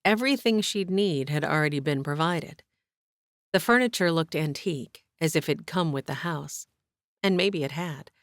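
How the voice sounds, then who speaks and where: A woman narrating an audiobook in a steady, even storytelling manner. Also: low-pitched, moderate pace, no room sound, studio quality. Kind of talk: scripted narration.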